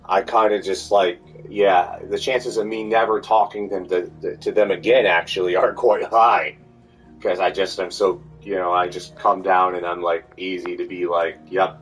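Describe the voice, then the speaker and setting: A man with a low voice rambles through a loose stream of thought, stopping and restarting as he goes. He sits back from the mic, and soft music plays underneath. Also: little pitch movement, normal speed. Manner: meandering, many fillers and restarts. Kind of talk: rambling monologue. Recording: distant mic with faint music.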